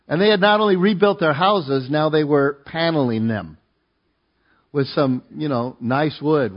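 Man, sermon, reads scripture and explains it, fairly high voice, dull lo-fi recording. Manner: conversational, asks the congregation to join in. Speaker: pastor.

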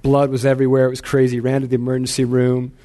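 A man's voice: mid-range voice, monotone, fast, warm tone. Male pastor in his thirties, casual self-deprecating sermon delivery, mid-range voice. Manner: casual storytelling, self-deprecating, repeats words often.

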